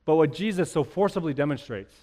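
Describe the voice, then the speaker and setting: A man preaching a sermon, moving from quiet explanation to fervent, repeated declarations. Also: on the high side, animated, a little fast, in a large hall. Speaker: pastor.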